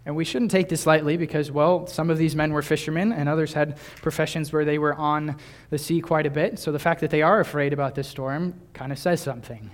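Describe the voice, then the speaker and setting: A man's voice: fairly high pitch, fairly even intonation, a little fast, few pauses. Young man giving a casual sermon. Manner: conversational, with small laughs and restarts. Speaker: pastor.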